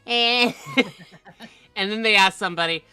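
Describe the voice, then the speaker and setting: Bright-toned, laughing woman streamer. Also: sits low, normal speed, no echo. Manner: animated storytelling with frequent laughs and acted-out voices. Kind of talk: casual chat.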